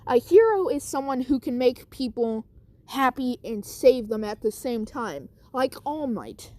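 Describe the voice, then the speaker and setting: A woman voicing a calm, confident teenage boy hero who speaks earnestly, in a casual spoken story. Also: sits high, measured pace.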